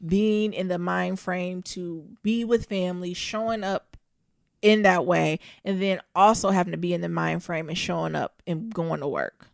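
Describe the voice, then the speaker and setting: A woman's voice: on the low side, fairly even intonation, moderate pace, gravelly, dry recording, studio quality. A woman co-hosting a podcast, talking candidly and animatedly, often turning to speak straight to her listeners. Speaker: podcast co-host. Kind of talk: casual chat.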